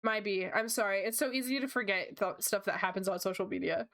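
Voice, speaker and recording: A young woman chatting casually as she draws on a livestream, bubbly and gushing with quick asides. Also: medium pitch, a bit bright. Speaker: streamer. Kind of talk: casual chat while drawing.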